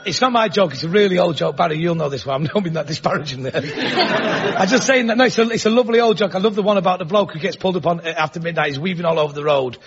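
A man's voice: high-pitched, fast, muffled recording, a crowd in the background, noisy background. Raised-voice man telling stand-up anecdotes. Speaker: comedy panelist.

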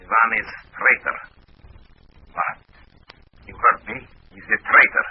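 A man's voice: lowish voice, steady tone, a little slow, slightly rough, pitched above the performer's own voice. An actor putting on a Russian accent to play a curt male communist agent giving orders, heard through a dull, hissy old radio broadcast. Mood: commanding. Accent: put-on Russian. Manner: clipped, ordering.

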